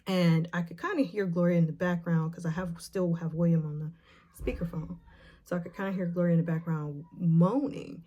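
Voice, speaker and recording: A woman vlogger retelling a painful memory, emotional and nervous, with halting speech full of fillers and restarts. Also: lowish voice, fairly even intonation, warm tone, lo-fi sound. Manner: retells scenes by acting out the quotes. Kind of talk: personal storytelling to camera.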